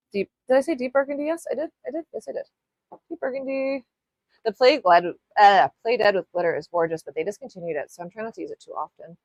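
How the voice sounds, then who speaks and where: A young woman with a medium-pitched voice hosts a live nail art tutorial from her home studio, recorded dry. She chats casually while demonstrating, rambling and often breaking off to apologize.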